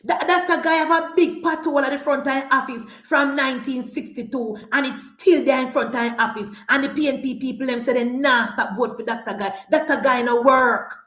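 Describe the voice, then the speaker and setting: A Jamaican woman delivers a fiery political rant on a live stream, scolding and shouting as she repeats her points. Her voice sits very high, and the room gives it a noticeable echo. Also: fairly even intonation, a little fast, few pauses. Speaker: political commentator.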